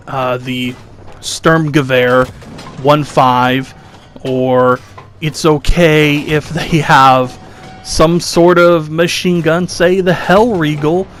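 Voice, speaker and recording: A young man doing sarcastic, exasperated commentary over gameplay footage, mocking his critics. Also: fairly high pitch. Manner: exasperated, sarcastic, mocks critics in whiny voices. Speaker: gaming commentator.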